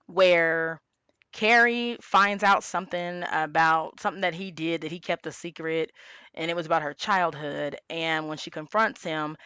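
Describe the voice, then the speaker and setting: A woman's voice: low voice, fairly bright tone, clean tone, no echo. A woman giving a casual tarot reading, talking chattily and with emphasis, sometimes acting out quoted lines. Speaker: tarot reader.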